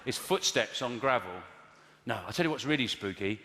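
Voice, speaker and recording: A man doing improvised stand-up comedy from audience suggestions, mixing deadpan asides with sudden loud bursts. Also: mid-range voice, brisk. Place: large theatre with audience. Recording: echoey live hall, loud noise.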